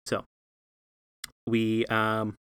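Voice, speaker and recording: A man's voice: lowish voice, completely flat delivery, very slow, a bit bright, smooth, dry recording. A man narrating as game master, talking loosely with many fillers and asides.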